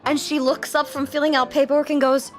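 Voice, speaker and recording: A woman's voice: high-pitched, little pitch movement, fairly quick, faint music behind. A woman hosting a casual livestream chat, telling bubbly stories and often giggling. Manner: refers to herself in third person. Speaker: livestream host.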